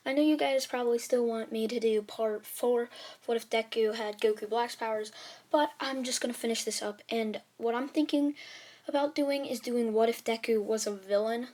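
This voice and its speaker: A woman's voice: on the high side, fairly even intonation, moderate pace, a little mellow. A woman casually telling a fan story to her viewers, rambling with lots of fillers. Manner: rambling, filler-heavy retelling.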